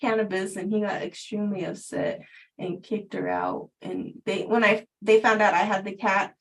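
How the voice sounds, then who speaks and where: A woman's voice: medium pitch, lively intonation, normal speed, rough recording. A middle-aged woman chats through a personal story on a livestream, in an easy, conversational way. She laughs often between sentences and speaks as a spiritual teacher sharing with her viewers.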